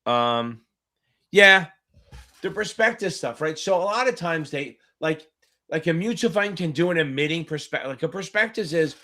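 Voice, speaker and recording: A man's voice: a little high, big pitch swings, moderate pace, pushed and bright. A middle-aged man tutoring on a casual live-stream Q&A, talking in a rambling, chatty way and swearing now and then. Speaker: exam tutor.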